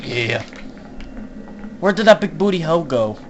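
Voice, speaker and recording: A young man with a slightly high voice talks slowly through a horror game at his gaming mic, joking, cursing and breaking into laughter. Faint hiss sits under the recording, and he yelps loudly when something scares him. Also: very animated, lo-fi sound. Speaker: gaming YouTuber. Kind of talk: casual let's-play commentary.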